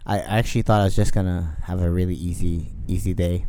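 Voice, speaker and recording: Man in his forties, low mellow voice, laid-back casual chat, dry sound. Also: steady tone, fast talker. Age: 40s. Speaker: podcast co-host.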